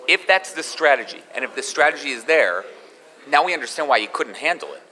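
Man, fairly high and bright voice, animated Torah class, long hall reverb. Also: a little fast. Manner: animated, mixes in Hebrew terms. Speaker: rabbi giving a Torah class.

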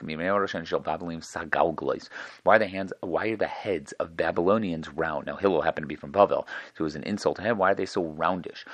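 A man teaching a text aloud, translating line by line and quickly acting out the exchanges between the characters. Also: fairly even intonation, no room sound. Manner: fast, acting out the dialogue with raised-pitch questions. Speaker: Talmud teacher.

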